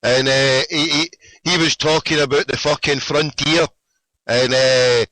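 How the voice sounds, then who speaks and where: A man's voice: medium pitch, steady tone, measured pace, bright, forceful tone, no echo, rough recording. A Glaswegian man hosting a casual podcast from his car, swearing and enthusing at his guest. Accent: Scottish, Glasgow. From Scotland. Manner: profane, laughing, enthusiastic. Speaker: podcast host.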